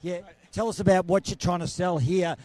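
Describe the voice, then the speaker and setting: A man's voice: high voice, steady tone, moderate pace, darkish tone. A man hosts a trade night, strolling between stands and chatting jovially with exhibitors while his voice wears thin. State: voice wearing thin. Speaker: roving event host. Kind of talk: casual roving interview. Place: trade show floor.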